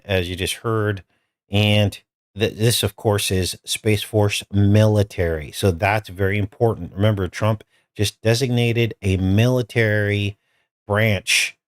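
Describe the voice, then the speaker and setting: A man hosting a live screening, chatty and conspiratorial as he talks over a film. His voice is low and smooth, recorded dry and close with no room sound. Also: dry recording. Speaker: host. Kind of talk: casual commentary over a film.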